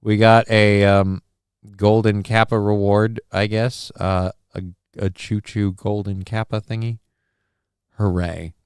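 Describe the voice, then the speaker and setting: A man hosting a live stream in a low, smooth and clear voice, reading out viewer messages in a deadpan ramble full of ums and uhs. The sound is close and dry with no room around it. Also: takes it slowly, no room sound. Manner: rambling and deadpan with many fillers. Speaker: live-stream show host.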